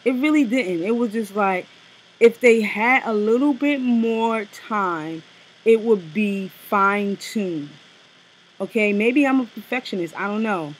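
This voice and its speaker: A woman co-hosting a casual review chat, blunt and animated, with slang and profanity. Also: medium pitch, unhurried, husky, poor audio. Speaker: co-host reviewing a TV special.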